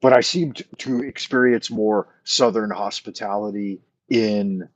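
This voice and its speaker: A man with a low, husky voice rambles through a casual late-night chat, thinking aloud and filling pauses with "uh" as he answers viewers. The sound is dry and dull, with a muffled lo-fi edge. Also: no echo. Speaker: livestream host answering chat.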